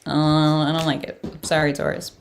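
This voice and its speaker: Female tarot reader, low voice, casual, reactive. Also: flat delivery, normal speed, slight background noise. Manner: reacts aloud to cards with surprised exclamations and laughs.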